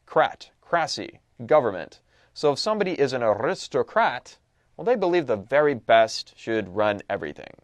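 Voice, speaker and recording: A man's voice: mid-range voice, big pitch swings, moderate pace, dry recording. A man teaching a casual lesson recap, reading passages aloud and posing questions he then answers himself. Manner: conversational, asks rhetorical questions then answers.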